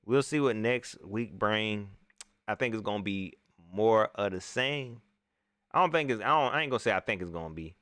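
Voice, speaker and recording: A man hosting a casual post-game livestream, slangy and animated, often repeating himself. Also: on the low side, normal speed, no echo, clean studio sound. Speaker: sports talk show host.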